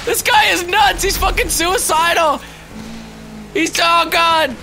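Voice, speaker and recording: High, bright, excitable young gamer man. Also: slow pace, gravelly, soft background music. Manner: loud, excitable yelling and frequent laughing. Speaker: gaming channel host. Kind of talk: casual gameplay chat.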